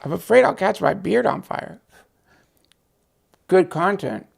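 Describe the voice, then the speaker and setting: Man, gravelly voice, rambling profane livestream host, chatty and excitable. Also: high-pitched, unhurried. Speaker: podcast host on a night livestream. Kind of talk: casual rambling livestream chat.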